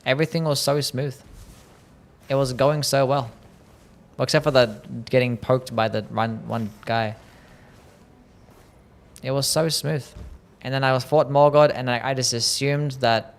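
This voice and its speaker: A man's voice: medium pitch, steady tone, measured pace, pauses often. A man streaming a video game at his home desk, giving casual commentary in a grumbling, self-pitying way, repeating his complaints and swearing. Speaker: live streamer playing a game.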